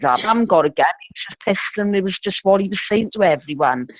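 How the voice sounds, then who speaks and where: A woman's voice: mid-range voice, expressive, fast talker, no echo. Laughing woman on a tinny phone line. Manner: rambling, laughs often, swears. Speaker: caller telling a story. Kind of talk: casual storytelling chat.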